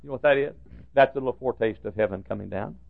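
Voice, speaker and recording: A man preaching a sermon in a folksy, animated way, jumping from loud high outbursts to hushed asides. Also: rapid-fire, creaky. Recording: dull lo-fi recording.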